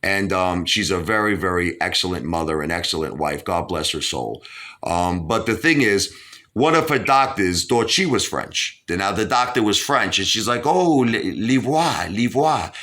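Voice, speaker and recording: A man's voice: deep voice, lively intonation, moderate pace, bright, forceful tone. A man from Brooklyn, hosting a casual interview and rambling with lots of "you know". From Brooklyn, New York. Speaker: host.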